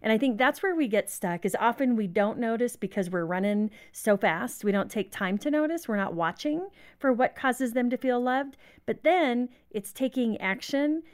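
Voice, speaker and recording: A woman's voice: a little high, expressive, normal speed, few pauses. A woman speaking as a guest on marriage, giving conversational advice in a reflective, candid way.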